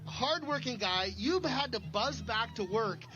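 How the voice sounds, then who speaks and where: A man in his forties, a loud, joking trackside interviewer at a race finish, heard through dull lo-fi livestream audio. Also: very high voice, animated, a little slow. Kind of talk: excited post-race interview. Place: outdoors at a desert race finish.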